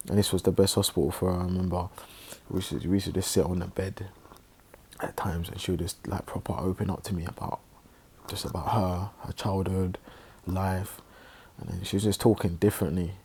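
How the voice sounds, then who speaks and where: A man telling a personal story in a halting, reflective way, with many pauses and restarts, sounding subdued and emotional. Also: sits low, mellow, breathy edge. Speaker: online religious presenter.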